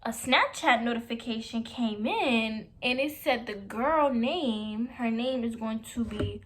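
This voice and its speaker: A woman's voice: fairly high pitch, unhurried, a bit bright. A young woman vlogger telling a casual story. She acts out both sides of old conversations, with dramatic gasps and whispered asides.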